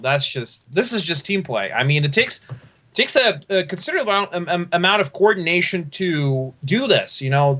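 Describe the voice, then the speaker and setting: A man casting a live tank match, excitable, laughing often and stumbling over player names. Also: on the high side. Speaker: esports caster.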